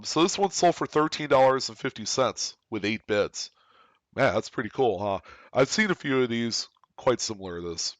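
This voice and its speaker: Excited man hosting a coin report. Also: medium pitch, no room sound. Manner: excited, emphatic, talks to viewers directly. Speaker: coin collecting channel host. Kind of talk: casual market report commentary.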